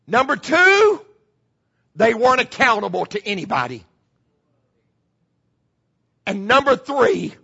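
Slowly and in a sing-song manner, a middle-aged pastor delivers a dramatic sermon, pausing often, repeating his main phrases, and sinking to a hush. His high, bright voice is gravelly and husky, and the audio is muffled and a little lo-fi.

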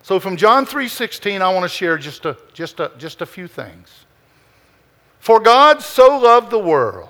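Male preacher, high and bright, slow emphatic sermon cadence. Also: big pitch swings.

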